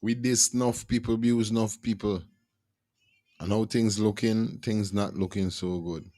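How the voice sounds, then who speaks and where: A low-voiced man hosting a casual podcast. He talks in an easy, slangy way and keeps it friendly with his listeners. The sound is dry and close. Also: steady tone, normal speed, warm tone, no room sound. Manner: laid-back and slangy.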